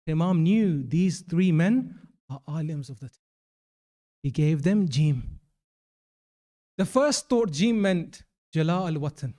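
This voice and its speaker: A young man giving an English religious lecture at a mourning gathering, telling stories and acting out the dialogue with lively jumps in his voice. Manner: acts out quoted dialogue with pitch jumps.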